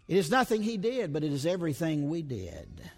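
A man's voice: a little high, wildly swooping pitch, a little fast, vocal fry, a little mellow, soft background music. A man preaching an expository sermon in a dramatic, emphatic way, full of rhetorical questions. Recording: long hall reverb.

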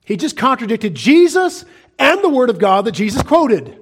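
Male preacher, high-pitched, urgent and pleading, drops to quiet asides. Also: big pitch swings, moderate pace, husky. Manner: earnest, pleading, swings from loud urging to hushed asides. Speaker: pastor. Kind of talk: sermon.

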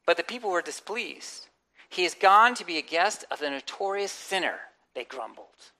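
A woman's voice: fairly low pitch, normal speed. A woman pastor preaching a conversational sermon, acting out quotes and adding humorous asides. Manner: animated, acts out quotes and inner voices.

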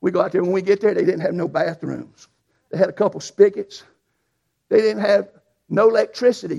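A preacher who tells a folksy, animated story in a sermon. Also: male voice, sits high, vocal fry. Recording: dull lo-fi sound.

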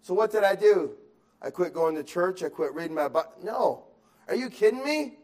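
A man preaching a sermon in a high voice. He drifts between soft, reflective stretches and loud, insistent exhortation, and he repeats words and restarts as he goes. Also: animated, normal speed. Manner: swings from quiet musing to loud emphatic exhortation; acts out excuses in quoted voices. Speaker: pastor.

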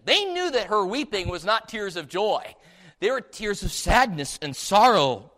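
A man's voice: high-pitched, very animated, moderate pace, bright, forceful tone. A man preaching a sermon in a church service, putting many questions to the listeners. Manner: asks the congregation many rhetorical questions.

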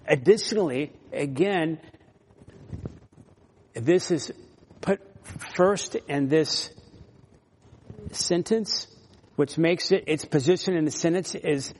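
A man preaching an expository sermon, teaching verse by verse and slowing down to stress key words. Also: a little high, a little mellow, in a large hall.

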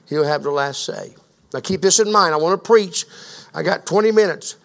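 A man preaching a sermon as pastor, asking the congregation questions and building to a fervent, loud delivery. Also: high voice, a little fast, vocal fry. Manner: grows louder and more fervent.

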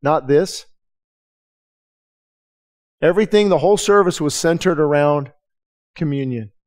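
Pastor guy preaching at church, bit of a high voice, talks real candid, repeats himself, keeps asking the crowd stuff. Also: a little slow. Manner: candid, emphatic, repeats words and restarts often; asks the congregation direct questions. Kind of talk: conversational sermon. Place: church service.

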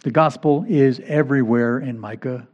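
A man's voice: mid-range voice, normal speed. A male pastor preaching a sermon, emphatic and repeating key phrases to drive points home. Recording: dull lo-fi recording.

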